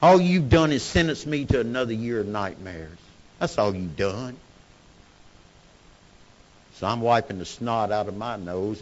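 A man's voice: medium pitch, dull audio. Man telling a raw, emotional story. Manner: Southern-style storytelling, emotional swings from hushed to shouting. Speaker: speaker sharing recovery story. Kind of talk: personal testimony talk.

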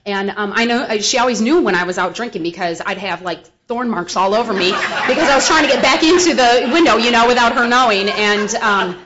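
A woman's voice: on the high side, a little fast, hardly any pauses, noisy background. Frank, rambling woman telling her story. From Milwaukee, US Midwest. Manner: frank, humorous, rambling with many fillers. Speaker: speaker sharing at a recovery meeting. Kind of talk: personal testimony, casual storytelling. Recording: dull lo-fi recording.

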